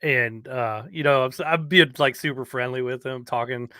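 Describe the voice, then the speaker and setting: A man's voice: medium pitch, normal speed, pushed and bright, dry recording, clean studio sound. A man talking frankly and a bit self-deprecatingly about difficult customers in a casual podcast chat.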